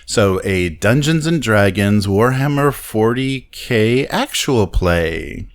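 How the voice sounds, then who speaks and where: Podcast host guy, lowish voice, chatty, laughs a lot and says uh constantly. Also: animated, takes it slowly. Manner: laughs often, many fillers, skeptical asides. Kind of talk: casual podcast chat.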